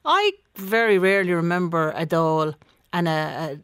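Chatty Irish woman radio host, somewhat low voice, dry studio sound, lots of "uh" as she goes. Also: normal speed, smooth, dry recording. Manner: warm, chatty, with frequent fillers and restarts. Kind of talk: casual on-air chat with callers.

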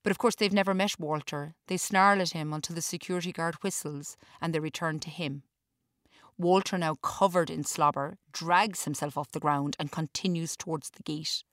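A woman reading her own story aloud in a measured narrating style. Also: low voice, fairly even intonation, fairly bright tone, no room sound, clean studio sound.

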